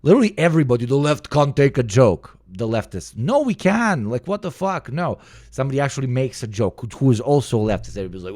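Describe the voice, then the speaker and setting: A man streaming live, reacting to clips with profane, excitable chat that swings from mumbles to shouts. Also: mid-range voice, normal speed, dry recording, studio quality. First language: Serbian.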